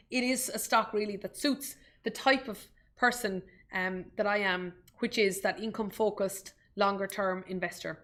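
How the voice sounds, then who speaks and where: A woman's voice: mid-range voice, a bit bright. An Irish woman giving a live stock market webinar, chatty and self-deprecating, breaking off with asides to her viewers. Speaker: investment webinar presenter. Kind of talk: live screen-share stock tutorial.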